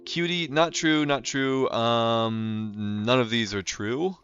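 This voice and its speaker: A young North American livestreamer chats loosely while playing a game live, leaning heavily on fillers like "like" and "um." His mid-range voice is slow, smooth, and a bit bright. The stream audio is slightly muffled, with faint music underneath.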